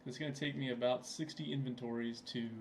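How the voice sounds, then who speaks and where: A man's voice: mid-range voice, fairly even intonation, fast talker, noisy background. A young man giving casual, rambling commentary over his gameplay, with plenty of fillers, recorded at his computer. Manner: laid-back, rambling, with frequent fillers. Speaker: gaming channel host.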